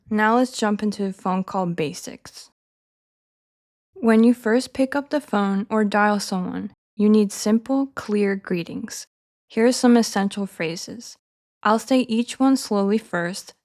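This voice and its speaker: A woman's voice: medium pitch, a little slow. An American woman teaching a scripted shadowing lesson, speaking each phrase with careful enunciation so learners can repeat it. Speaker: English teacher.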